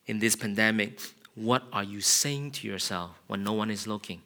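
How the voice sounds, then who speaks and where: A man's voice: on the low side, moderate pace. A man preaching an earnest, confessional sermon. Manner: earnest, confessional, builds to loud passionate shouting. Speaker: pastor.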